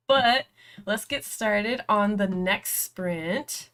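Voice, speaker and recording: A young woman hosts a reading vlog, chatting casually into the camera as a story spills out of her. She rambles along with plenty of fillers and keeps breaking into giggles. Her voice sits at an ordinary middle pitch. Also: drawn-out words, pauses often, a bit bright. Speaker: book vlogger hosting reading sprints.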